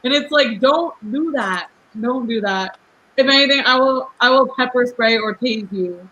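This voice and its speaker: Heard in lo-fi sound, her fairly high, sharp voice belongs to a twenties-aged rapper guesting on a relaxed podcast. She's blunt and giggly, rattling along quickly and filling gaps with "like" again and again.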